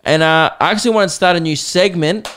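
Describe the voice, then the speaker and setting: An Australian man hosting a podcast, telling a comic story in a lively, self-mocking way and acting out the people in it. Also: high-pitched, fast, clear, resonant tone. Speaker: podcast host, comedian.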